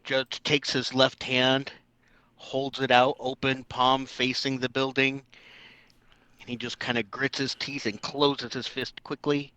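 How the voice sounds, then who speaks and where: A man's voice: medium pitch, level tone, a little slow, pushed and bright, no room sound. A man playing a tabletop game, casually describing his character's actions. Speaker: player.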